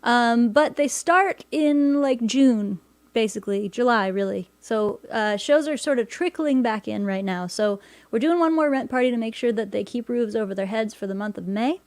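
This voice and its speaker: A woman hosting her own livestream concert, chatting casually and wryly between songs, with quick quips and quiet asides. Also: a little high, dry recording. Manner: wry, joking, talks fast and drops to a quiet aside. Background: guitar playing.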